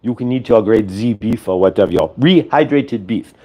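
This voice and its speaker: A man's voice: fairly low pitch, normal speed, warm tone. A man hosting a show, giving a channeled spiritual teaching that speaks as "we" and circles back to repeat its points. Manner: speaks as a collective "we", repetitive and instructive.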